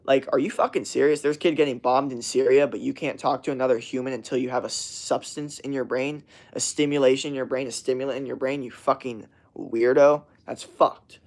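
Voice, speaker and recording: A man's voice: medium pitch, fairly even intonation, a little fast, few pauses, a little mellow. A young man in college ranting casually to camera, profane and rambling, mocking people in whiny put-on voices. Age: young adult. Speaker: vlogger.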